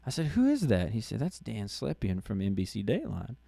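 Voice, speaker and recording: A middle-aged man with a low, gravelly, mellow voice recounts a personal story on his podcast. He talks in a halting, casual way, restarting phrases and filling pauses. The sound is close and dry. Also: wildly swooping pitch, dry recording. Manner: halting, many restarts and fillers. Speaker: podcast host.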